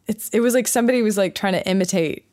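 A woman with a Southern American accent, a radio guest telling animated stories and laughing often. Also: mid-range voice, fast talker. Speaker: guest, theatre maker. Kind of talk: casual radio chat.

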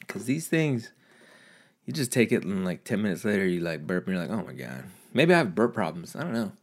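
A man casually vlogging from home, a profane, animated storyteller who rants about his day. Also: on the low side, a little fast. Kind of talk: casual rambling monologue.

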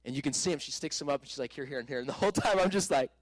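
A man in his thirties preaching, telling a personal story with animated bursts of shouting and laughter. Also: mid-range voice, racing, no room sound, low-quality recording. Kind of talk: sermon testimony.

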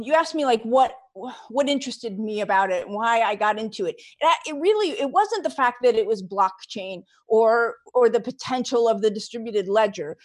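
A middle-aged woman with a somewhat high-pitched voice answers interview questions as a financial advisor. She explains her reasoning methodically, leaning on key figures with emphasis. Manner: walks through figures step by step, emphatic.

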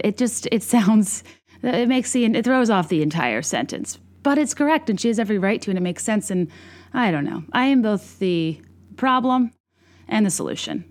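A woman's voice: mid-range voice, animated, normal speed, a little mellow. Wry, rambling woman podcast host. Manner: wry, self-deprecating, rambling asides. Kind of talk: casual comedic monologue.

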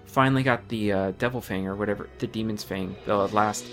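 A man's voice: lowish voice, brisk, music in the background. A man co-hosting a casual gaming podcast, chatty and jokey about himself. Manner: jokey, self-deprecating, chatty. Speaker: podcast co-host.

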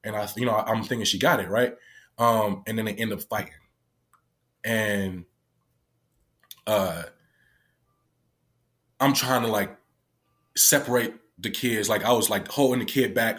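A youth worker with a medium-pitched, slightly bright voice tells a story at a moderate pace. His delivery is loose and casual, full of swearing and the filler "like."

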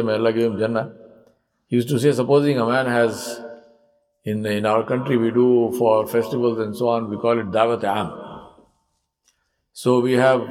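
A man's voice: mid-range voice, a little mellow, low-quality recording. A man giving a sermon in a mosque, telling stories and asking rhetorical questions. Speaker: preacher.

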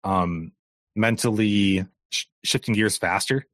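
Low-voiced guy asking careful podcast questions, dry close mic. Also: slow, a bit bright, no echo. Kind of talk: podcast interview.

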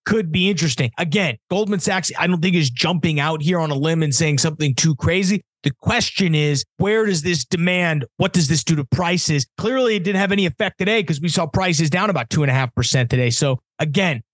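Casting: sarcastic podcast co-host, high voice, dry close sound. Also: male voice, a little fast, no room sound. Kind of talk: casual podcast chat.

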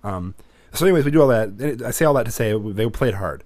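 A man's voice: fairly low pitch, expressive, fast, darkish tone, no room sound. A young man co-hosting a casual chat, telling rambling, sweary stories. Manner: rambling storytelling, swears freely. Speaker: podcast co-host.

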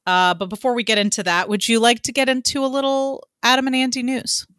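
A woman's voice: a little high, level tone, fast, a bit bright, no room sound, clean studio sound. A woman co-hosting a casual podcast, chatty and loose, with lots of ums and the odd swear word. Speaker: podcast co-host. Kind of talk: casual chat.

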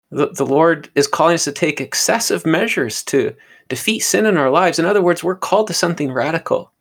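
A man's voice: a little high, creaky, fairly bright tone, husky. A man teaching on a podcast in an earnest, sermon-like way, often stumbling and repeating words. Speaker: podcast co-host teaching on scripture.

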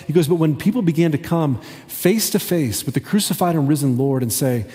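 A man giving a conversational sermon as a pastor, talking haltingly with many restarts. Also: on the high side, mellow. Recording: long hall reverb.

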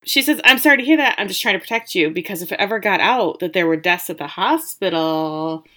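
Woman, casual podcast recap, bright voice, lowish pitch, animated quoting. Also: fairly quick. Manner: animated, quotes characters in lively voices. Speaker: podcast co-host recapping a TV episode.

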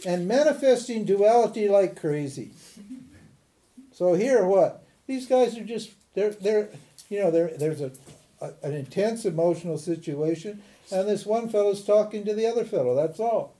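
A man teaching a class as a spiritual teacher in an informal lecture, animated and chatty, laughing often and restarting his sentences. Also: high voice, moderate pace.

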